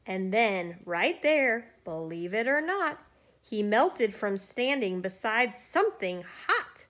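Slow, lively woman reading a storybook. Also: mid-range voice. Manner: lively, expressive, rhythmic rhyming reading. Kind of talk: reading a rhyming children's picture book aloud.

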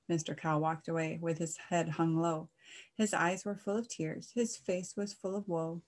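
A woman reading a rhyming children's story aloud, in a gentle and expressive way. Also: on the low side, moderate pace.

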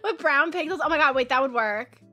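A chatty woman streamer with a Valley Girl accent rambles and giggles as she draws, leaning on "like" constantly. Her voice is sharp and bright and sits a little high. Soft music plays behind her. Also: lively intonation, brisk. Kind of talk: casual chat while drawing on stream. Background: soft background music.

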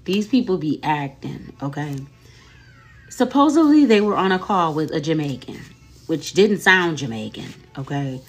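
A woman's voice: low voice, big pitch swings, moderate pace, faint music behind. Chatty woman retelling online drama. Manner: chatty, laughing, repeats "okay?" and "y'all". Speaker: commentary host. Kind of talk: casual commentary on social media drama.

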